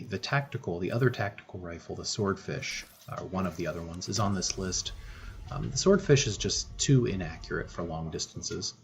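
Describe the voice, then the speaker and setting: A man giving relaxed gameplay commentary as a voice-over, thinking aloud with frequent fillers and restarts. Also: on the low side, dull audio, a little hiss or hum. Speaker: gaming YouTuber.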